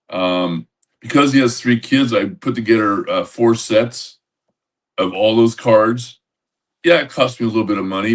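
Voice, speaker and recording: An older man co-hosting a podcast, telling a rambling anecdote with lots of halting restarts over a video call. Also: on the low side, far from the mic. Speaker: podcast co-host. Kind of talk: casual storytelling.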